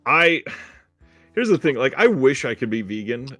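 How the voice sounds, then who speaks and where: A man co-hosting a film podcast in casual chat, easygoing, often laughing and pausing on fillers. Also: mid-range voice, very animated, pushed and bright, dry recording, faint music behind. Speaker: podcast co-host.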